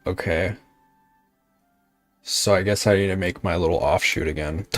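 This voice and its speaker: Faint music plays behind a VTuber streamer with a low-pitched, steady voice at a moderate pace. In casual livestream chat, he grumbles at the modded game he's playing, answers his chat, and swears now and then.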